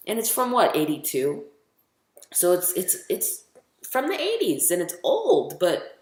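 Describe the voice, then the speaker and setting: A teenage boy vlogging casually, rambling and chatty, full of ums as he counts down his favorite movies. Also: high-pitched. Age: teens. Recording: echoey room.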